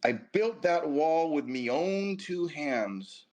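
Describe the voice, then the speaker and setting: A man voicing a boastful Scottish man in a bar, with a put-on Scottish accent, telling it slowly and proudly. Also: a little high, animated, darkish tone, pitched above the performer's own voice.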